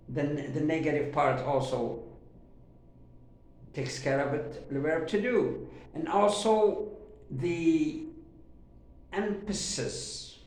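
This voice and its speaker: A man teaching a grammar lesson who talks haltingly with many fillers and repeats himself, drawing out his example sentences slowly. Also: fairly high pitch, darkish tone. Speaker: English teacher. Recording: very echoey room.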